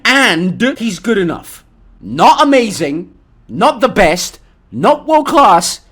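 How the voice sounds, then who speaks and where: A young man commentating on a football game, excitable and profane, with stuttered restarts and shouted outbursts. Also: fairly high pitch. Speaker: gaming streamer.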